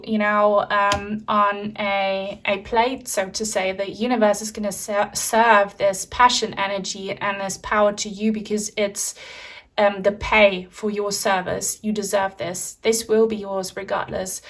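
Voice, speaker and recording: A woman talking through a pick-a-card tarot reading in a loose, chatty, reassuring manner. Her voice sits at an ordinary middle pitch and is full of fillers. She is picked up from a little distance, so the mic sounds set back. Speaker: tarot reader.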